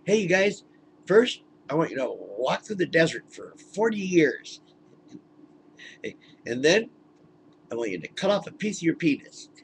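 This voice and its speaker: A man's voice: a little high, very animated, unhurried, creaky, pauses often, slight background noise, pitched above the performer's own voice, exaggerated voice. A man mock-voicing a smug male God giving absurd orders, in a sly, showy tone. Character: smug male God boasting to his angels.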